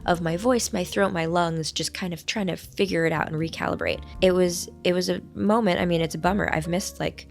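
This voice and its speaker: A woman hosting a casual vlog from a hotel room, her voice hoarse while it recovers, chatting in a playful, rambling, self-mocking way. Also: lowish voice, steady tone, fairly quick, hardly any pauses, faint music behind. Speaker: vlog host. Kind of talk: casual chat to camera.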